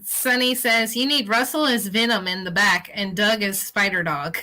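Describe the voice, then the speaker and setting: A woman co-hosting a livestream, reading viewer comments aloud in a relaxed, amused way. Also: medium pitch, moderate pace, rough recording. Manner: reads chat messages aloud, relaxed and amused. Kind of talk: casual livestream chat.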